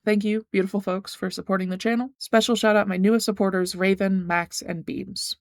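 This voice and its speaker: A gaming YouTuber narrating a scripted video essay in a measured, thoughtful, earnest way. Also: medium pitch, fairly even intonation, dry recording, studio quality.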